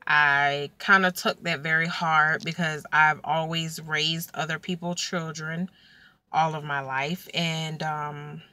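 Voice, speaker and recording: A young woman tells a personal story straight to camera, chatty and animated. Her voice is bright but sits a little low. She leans on plenty of casual fillers as she goes. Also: takes it slowly, no echo. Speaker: vlogger telling a personal story.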